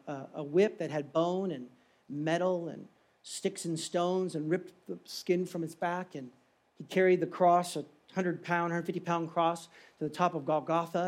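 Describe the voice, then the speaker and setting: A man preaching a sermon, retelling a story dramatically and swinging between loud, urgent passages and hushed, quiet ones. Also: on the high side. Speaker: pastor.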